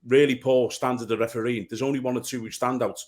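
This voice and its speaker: A man's voice: mid-range voice, fairly even intonation, quick pace, darkish tone. A man co-hosting a football podcast, blunt and heated, swearing freely as he rants. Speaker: podcast co-host. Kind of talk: casual football chat.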